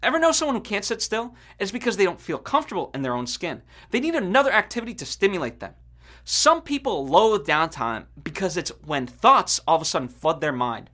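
A man's voice: high voice, big pitch swings, a little fast, a bit bright. Earnest guy doing a scripted podcast talk, voice goes up and down a lot, faint music under it. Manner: earnest, reflective, emphatic. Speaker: podcast host. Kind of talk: scripted motivational monologue.

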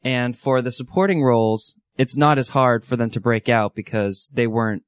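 Guy going "i think" and "like" a lot, mid pitch, dry sound. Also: normal speed, clear, resonant tone, no room sound. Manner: hesitant, lots of "I think" and "like". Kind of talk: casual chat.

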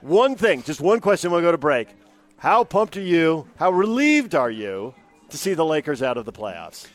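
A man hosting a sports radio show, brisk and upbeat. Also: a little high, very animated.

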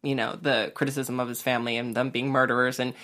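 A woman's voice: very deep voice, little pitch movement, fast, a bit bright. A woman co-hosting a casual discussion podcast, thoughtful and rambling, with many fillers. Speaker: podcast co-host.

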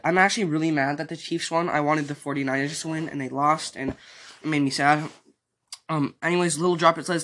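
A man's voice: on the high side, fairly bright tone. A young man hosting a casual solo podcast, reading out listener comments in a rambling way with lots of fillers, his throat sore. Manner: rambling, many fillers and restarts. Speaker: podcast host.

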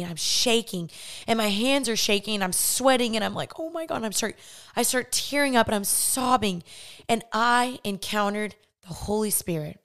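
Young woman podcast host, clear smooth voice, earnest and candid, chatty faith testimony. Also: medium pitch. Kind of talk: personal faith testimony, casual storytelling.

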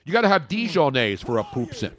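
A man's voice: very animated, fast, fairly bright tone. Ranting man on a sports talk show. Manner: ranting, jokey, big swings in pitch. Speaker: podcast co-host. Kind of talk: casual sports talk radio banter.

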